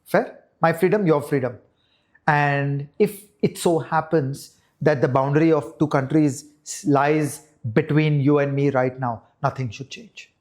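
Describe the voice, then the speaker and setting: A man's voice: fairly high pitch, unhurried, darkish tone. A man from India, an economist guest on a podcast, making his case emphatically with rhetorical questions and examples. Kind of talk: conversational podcast discussion.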